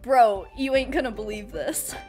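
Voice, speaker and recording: A woman's voice: a little high, moderate pace, darkish tone, soft background music, close to an everyday voice. A woman voicing a laid-back male snail dude in a video game who talks in an easygoing, slangy way.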